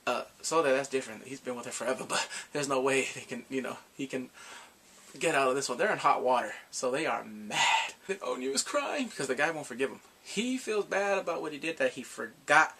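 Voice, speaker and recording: Animated man excitedly recapping a drama. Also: mid-range voice, a little fast, vocal fry, breathy edge. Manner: excitable, rambling storytelling with gasps and laughs. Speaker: drama reviewer. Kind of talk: casual episode recap.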